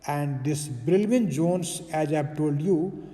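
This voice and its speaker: A male physics lecturer talks through his material slowly and patiently, padding his sentences with "uh" and checking in with "okay". His voice sits fairly high for a man but sounds dark and mellow. The room gives it a long, lingering reverb. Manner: slow, explanatory, many fillers and "okay"s. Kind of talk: recorded lecture.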